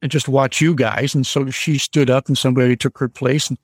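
Older man slowly telling a ghost story. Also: mid-range voice, level tone, breathy edge, dry recording. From Michigan. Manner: slow, deliberate storytelling with frequent "uh" pauses. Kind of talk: storytelling on a radio call.

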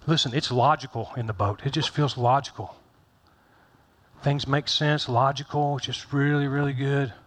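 A man's voice: mid-range voice, steady tone, moderate pace, fairly bright tone. A middle-aged man pastor giving a conversational sermon, folksy and joking, repeating phrases for emphasis.

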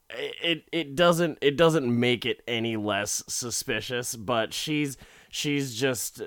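A man's voice: on the low side, a bit bright, clear, resonant tone, no room sound, studio quality. A young man casually recapping a show, sarcastic and rambling, with frequent restarts and chuckles.

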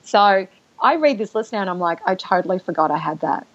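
A woman speaks in an ordinary mid-range voice, recounting her own story in an interview. She is emotional and halting, often restarting sentences and clearing her throat. The recording sounds dull and lo-fi. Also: mid-range voice, lively intonation. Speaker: guest. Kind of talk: personal storytelling in conversation.

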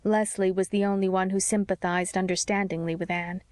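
A woman narrates a classic novel in a measured, gentle voice. Her pitch sits in the middle range. The recording is dry and close. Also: level tone, dry recording. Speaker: audiobook narrator. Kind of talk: scripted narration.

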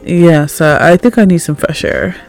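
A woman voicing a cool, sly male investor who speaks in a low-key, sultry manner. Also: expressive, normal speed, vocal fry, a little mellow, soft background music. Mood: cool, reserved.

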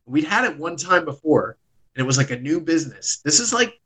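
A man's voice: a little high, very animated, fairly quick, sharp tone, rough recording. A man, hosting a podcast and casually telling a long, rambling story with plenty of swearing. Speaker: podcast host.

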